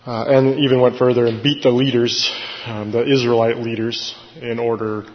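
A man's voice: medium pitch, flat delivery, moderate pace. A man teaching a Bible study in a casual, explanatory way, with many fillers and self-corrections. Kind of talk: conversational Bible study sermon. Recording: echoey hall, dull lo-fi sound.

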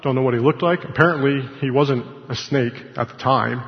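A man's voice: mid-range voice, brisk. A man teaching scripture informally, conversational, with asides and self-corrections. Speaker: Bible study teacher. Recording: echoey hall, dull lo-fi sound.

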